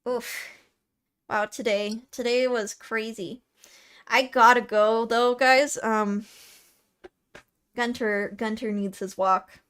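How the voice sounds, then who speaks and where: A woman's voice: on the high side, fairly even intonation, slow, pauses often, a bit bright, clean tone. A young woman with a Californian accent chatting casually on a live stream, reading out and answering comments, often laughing and restarting her words. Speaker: VTuber streamer.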